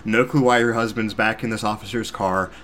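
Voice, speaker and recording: A young man from Missouri hosting a podcast, telling a story in a casual, animated, self-deprecating way with sarcastic asides. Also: lowish voice, a little fast. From Missouri, USA. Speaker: podcast host.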